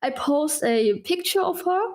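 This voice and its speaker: A woman with a high, light voice chats as a podcast guest. She talks haltingly, full of fillers and restarts, and laughs often. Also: expressive, darkish tone. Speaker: podcast guest, fan page admin. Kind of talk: casual podcast chat.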